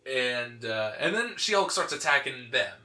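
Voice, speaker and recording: A man hosting a podcast, recapping a comic story in casual, animated chat, full of "like" and quick laughs. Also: medium pitch. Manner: animated, laughing, lots of fillers like "like". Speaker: podcast host. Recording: echoey room.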